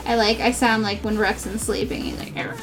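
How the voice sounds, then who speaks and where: A woman streamer chatting casually while she cross-stitches. She rambles, giggles often and says "like" a lot. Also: on the high side. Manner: giggly, rambling, heavy use of "like".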